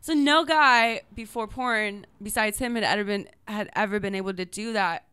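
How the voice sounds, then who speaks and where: A woman guest telling a story in a casual interview, animated and often laughing, her voice jumping high when she gets excited. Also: normal speed, clean tone, dry recording.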